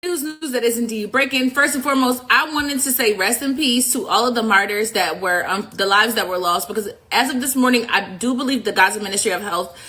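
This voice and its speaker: A woman presenting a measured, somber news update. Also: on the high side, bright, forceful tone.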